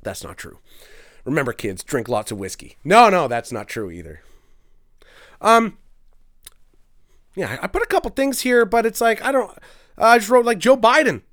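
A man's voice: high-pitched, very animated, normal speed, pauses often, fairly bright tone. A young man from Canada hosting a podcast live stream, chatting casually through comments with crude, self-mocking jokes. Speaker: podcast host.

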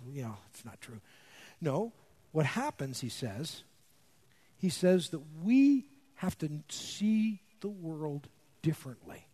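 Guy lecturing a class, swoopy lively voice, tells stories n acts them out. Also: high voice. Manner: animated storyteller, acts out quotes.

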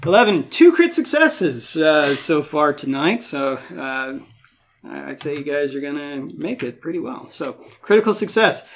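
A man's voice: on the high side, sing-song, creaky, a little hiss or hum. Chatty man running a tabletop game. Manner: explains rules with frequent fillers and quick laughs. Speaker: game master.

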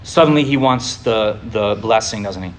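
A man's voice: lowish voice, normal speed. A man leading a conversational Bible study, often asking the listeners rhetorical questions and talking informally. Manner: informal, with fillers and restarts.

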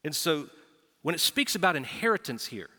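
A male pastor preaches with a bright, forceful voice that sits a little high. He throws himself into his points and acts out quick back-and-forth exchanges. The sound is a live church hall recording with a long reverb tail. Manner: animated preaching, acts out quoted dialogue. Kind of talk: sermon. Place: large church auditorium.

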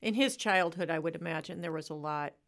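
Woman host, slightly low voice, soft-spoken and affirming in interview. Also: a little fast. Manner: affirming, soft-spoken, frequent short agreement. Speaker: talk show host. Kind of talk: interview on a faith talk show.

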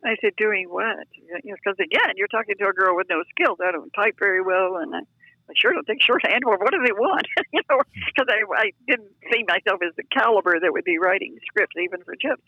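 An older woman telling lively, self-deprecating stories as a guest, heard over a phone line. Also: mid-range voice, a little fast, dry recording. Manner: chatty, self-deprecating, animated. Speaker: guest storyteller. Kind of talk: anecdotal storytelling.

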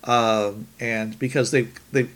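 Male podcast host, mid-pitched, easygoing rambling delivery. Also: steady tone, takes it slowly, fairly bright tone. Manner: rambling, many restarts and "you know"s. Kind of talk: casual podcast chat.

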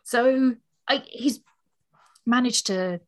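A woman's voice: on the high side, slow pace. A woman co-hosting a book podcast, chatting casually and reading a passage aloud with expression. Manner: reads aloud expressively, relaxed chat otherwise. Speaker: podcast co-host.

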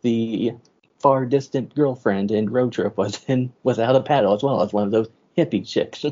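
A man's voice: mid-range voice, normal speed, warm tone, slightly rough. A man hosting a podcast in casual chat, joking loosely and laughing often. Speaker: podcast host. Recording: dull lo-fi podcast audio.

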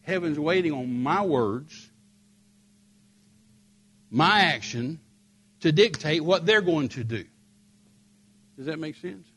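Speaking slowly with long pauses, an older American man delivers sermon stories in a slightly rough, somewhat high voice. He's animated, bringing dramatic personal tales to life by acting out the voices of those involved.

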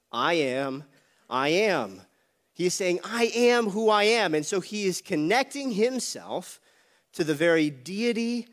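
A man preaching a sermon, explaining Greek words to his congregation in a teaching manner. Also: a little high.

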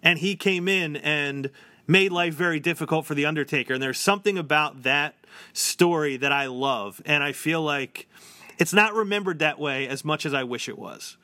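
The speaker, a male podcast co-host, chats casually at a moderate pace, his fairly high voice sharp in tone and his speech full of fillers and restarts. The recording has no echo.

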